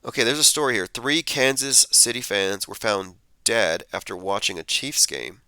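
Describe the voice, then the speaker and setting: A man's voice: lowish voice, normal speed, bright, forceful tone, clear, resonant tone, dry recording. A man hosting a commentary show, casually reading headlines and posts and reacting with skepticism. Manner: skeptical, conversational, thinks aloud with fillers. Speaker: podcast host.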